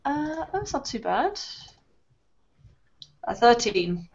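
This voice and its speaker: A woman's voice: a little high, big pitch swings, slow, vocal fry, darkish tone, a little hiss or hum. A woman playing a tabletop game who talks casually and sometimes hesitates. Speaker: player. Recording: dull lo-fi recording.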